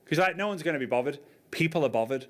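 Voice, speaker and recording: A male coach leads an online training session in a relaxed, chatty way. He repeats key points and often checks in with his listeners before moving on. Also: fairly high pitch, fast. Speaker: network marketing coach.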